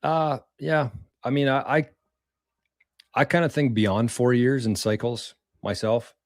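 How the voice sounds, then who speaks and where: A man's voice: medium pitch, fairly even intonation, unhurried, no room sound, clean studio sound. A man hosting a casual live stream, thanking viewers for tips in a rambling way, repeating words and using mild slang. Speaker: livestream host reading viewer tips.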